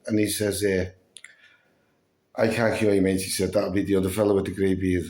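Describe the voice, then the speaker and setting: A man's voice: on the low side, fairly even intonation, brisk, long pauses, darkish tone, roomy sound. Sweary man telling a story. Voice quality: breathless, fatigued. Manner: swears a lot, acts out quoted dialogue. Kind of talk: casual storytelling vlog.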